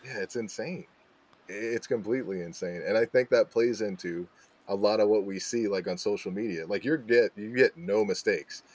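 A man co-hosting a podcast, relaxed and opinionated, laughing easily. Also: on the low side, normal speed. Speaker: podcast co-host. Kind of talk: casual podcast chat.

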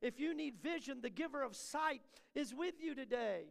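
High-voiced preacher with a gravelly edge. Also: male voice, animated, normal speed. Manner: preaching in rising, repeated refrains, dropping to soft asides. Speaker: pastor. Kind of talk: sermon. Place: church sanctuary. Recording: long hall reverb.

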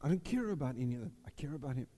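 A man preaching a sermon, acting out Bible voices with animated delivery. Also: medium pitch, very fast. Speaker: pastor. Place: church. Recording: long hall reverb.

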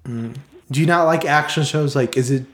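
A man's voice: medium pitch, moderate pace, a bit bright. Rambling American man in echoey room. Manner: rambling, heavy use of "like" fillers. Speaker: host. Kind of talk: casual chat.

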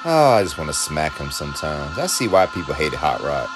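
A man giving an excited, emotional reaction commentary while watching a film. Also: very deep voice, a little fast, music in the background. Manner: emotional, exclaiming, laughing often. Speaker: reaction video host.

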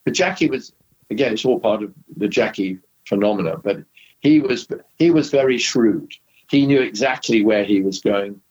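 An older Englishman reminisces in a husky, lowish voice, circling back and restarting his sentences as the stories pour out. The recording sounds dull and lo-fi, as if from a modest source. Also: moderate pace, a little mellow. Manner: rambling, frequent restarts and asides. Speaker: interview guest, former racing driver. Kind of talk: anecdotal storytelling in conversation.

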